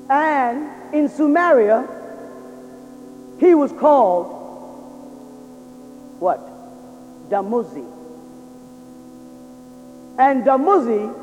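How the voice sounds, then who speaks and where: A man's voice: extremely high pitch, a little hiss or hum. A man giving a religious lecture to an audience, drilling his listeners with rhetorical questions. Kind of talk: lecture-style sermon to an audience. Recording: dull lo-fi recording in a reverberant hall.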